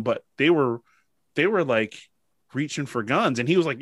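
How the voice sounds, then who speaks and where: A man's voice: medium pitch, moderate pace, dry recording. Emotional, dry-miked man chatting. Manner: emotional, animated storytelling with many fillers. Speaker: podcast host. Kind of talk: casual chat.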